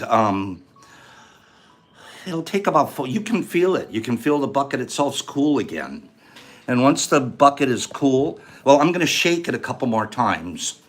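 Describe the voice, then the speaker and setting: Lively chatty man hosting a livestream. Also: mid-range voice. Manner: chatty, explains steps, reads viewer answers aloud. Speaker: livestream host. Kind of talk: casual livestream chat and how-to.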